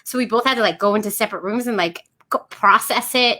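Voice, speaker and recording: A woman's voice: a little high, fast, few pauses, pushed and bright. A woman co-hosting a podcast, chatting casually with lots of fillers. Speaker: podcast co-host. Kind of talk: casual chat.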